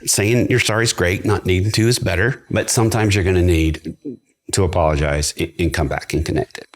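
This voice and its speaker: A man's voice: low-pitched, fairly even intonation, a little fast. A man who is a guest on a podcast, talking reflectively to dads in a casual chat and quoting what he says to his kids. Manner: reflective, quotes himself, talks to dads directly.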